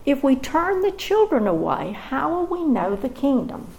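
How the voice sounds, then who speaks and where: Gravelly-voiced woman teaching scripture. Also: high voice, big pitch swings, normal speed, darkish tone, a little hiss or hum, rough recording. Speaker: Bible teacher.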